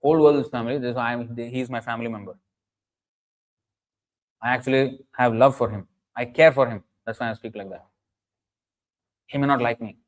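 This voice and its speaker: A man's voice: mid-range voice, fairly even intonation, brisk, pauses often, low-quality recording. A man giving an earnest, emphatic sermon, often restarting phrases and chanting Sanskrit verses. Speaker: preacher. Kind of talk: sermon lecture.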